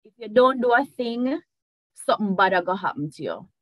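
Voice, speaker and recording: Woman, interview host, explaining, laughs often, mid pitch, dry room. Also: expressive, a little fast, a bit bright, no room sound, poor audio. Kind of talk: casual interview chat.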